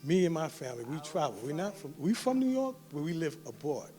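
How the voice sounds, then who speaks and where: A man's voice: fairly high pitch, big pitch swings, fairly quick. Exuberant father of the bride, music behind. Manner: exuberant, heartfelt, talks loudly to a crowd. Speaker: father of the bride giving a wedding toast. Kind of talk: wedding speech. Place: wedding reception hall with music playing.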